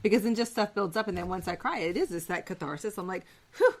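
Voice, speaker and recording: A middle-aged woman on a podcast, talking casually and making fun of herself. Her humor is dry and sarcastic, and her pitch sits in an ordinary middle range. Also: quick pace. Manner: self-mocking, sarcastic humor. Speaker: podcast co-host. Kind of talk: casual chat.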